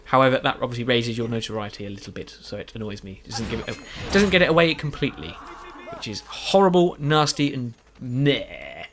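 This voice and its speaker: A man's voice: mid-range voice, animated, fairly quick, hardly any pauses, a bit bright, slight background noise. A man giving rambling, self-deprecating post-recorded commentary over a video game, tired and yawning late at night. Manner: meandering, self-deprecating, many restarts and fillers. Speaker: gaming YouTuber.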